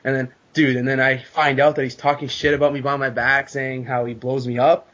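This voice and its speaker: A man's voice: mid-range voice, fairly quick. Fired-up man telling a story, lo-fi. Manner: animated storytelling, swears a lot. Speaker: podcast guest. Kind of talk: casual chat. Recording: dull lo-fi podcast audio.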